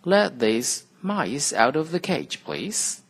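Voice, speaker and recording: A man voicing a kind, cheerful old fairy godmother in a storybook reading, warm and brisk. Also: a little high, sing-song, voice pushed up, exaggerated voice. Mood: kindly.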